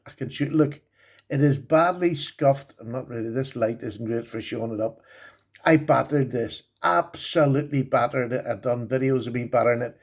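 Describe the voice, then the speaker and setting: A man's voice: on the high side, darkish tone. A man giving a casual show-and-tell review of his collection, enthusiastic and chatty, often repeating his praise.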